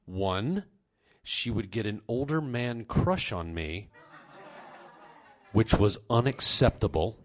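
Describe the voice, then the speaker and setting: A man's voice: lowish voice, lively intonation, slow, pauses often. A man tells a comic story from his own life in a wry, self-mocking tone. He plays up his own awkwardness as the story goes on.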